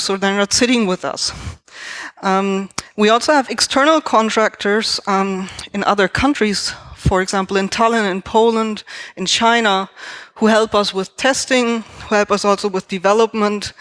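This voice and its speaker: Relaxed woman explaining team practices. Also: medium pitch. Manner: relaxed, explanatory, thinking aloud. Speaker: software quality assurance specialist. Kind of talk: conference talk on team practices. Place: Berlin company.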